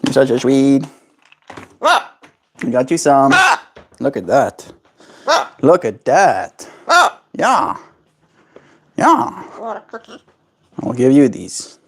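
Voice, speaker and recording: A man livestreaming casually, chatting to his pet bird in sing-song baby talk and reading viewer chat aloud. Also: medium pitch. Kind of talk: casual live stream chat.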